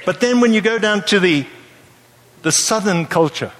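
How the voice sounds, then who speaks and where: A man preaching a sermon to a live audience in a lively, playful way, often checking that his listeners follow him. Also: high voice, moderate pace. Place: church hall with a live audience. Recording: long hall reverb.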